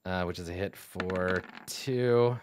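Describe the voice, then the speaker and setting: A man narrating a tabletop game as game master, relaxed and chatty, with many fillers. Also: low voice, slow pace, slight background noise.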